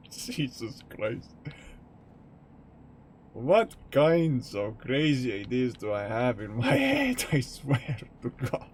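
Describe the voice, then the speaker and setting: A man's voice: medium pitch, huge pitch swings, very slow, slight background noise. A male streamer chatting casually during a game, often breaking into laughter. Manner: giggly, keeps breaking into laughter.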